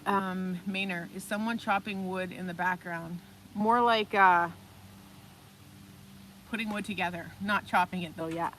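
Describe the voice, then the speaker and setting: A woman hosting a live stream, telling stories in a casual, animated way and reading out viewer comments. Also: medium pitch, a little slow, pauses often, a little hiss or hum. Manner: animated, chatty, reads viewer comments aloud. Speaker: livestream host.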